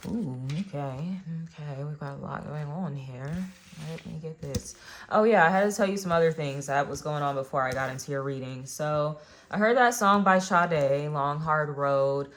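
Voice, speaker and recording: Woman, young adult, low pitch, casual tarot reading, chatty, talks straight to viewers. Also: moderate pace. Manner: chatty, addresses viewers directly with many fillers. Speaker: tarot reader.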